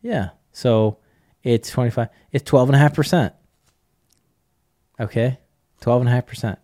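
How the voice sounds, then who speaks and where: A middle-aged man talking in a casual podcast conversation, coaching in an animated way, acting out bits of dialogue and chuckling often. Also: mid-range voice, moderate pace, no room sound, clean studio sound.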